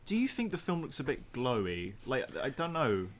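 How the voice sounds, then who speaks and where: A man's voice: mid-range voice, huge pitch swings, normal speed, slight background noise. A man co-hosting a podcast, chatting casually in a playful, questioning way. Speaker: podcast co-host. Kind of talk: casual chat.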